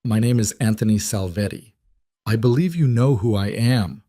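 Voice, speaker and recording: A man voicing a cold, threatening mobster with a smooth, falsely friendly manner in an audiobook reading. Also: on the low side, moderate pace, mellow, dry recording, clean studio sound, natural voice. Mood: menacing.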